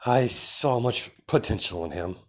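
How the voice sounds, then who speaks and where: A man voicing an ancient vampire queen and mother, speaking calmly and scornfully in a fan-made story. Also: medium pitch, unhurried. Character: cold, mocking vampire queen mother, woman.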